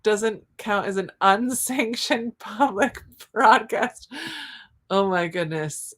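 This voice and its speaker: A woman with a Southern US accent hosts a casual livestream, chatty and giggly, with frequent exclamations as she reads viewer comments aloud. Her voice is medium in pitch and she speaks slowly.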